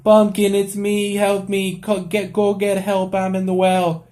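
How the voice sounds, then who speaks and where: A man voicing a panicked boy trapped in a well, crying out in a high, pleading voice for help. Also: completely flat delivery, measured pace, darkish tone. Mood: desperate.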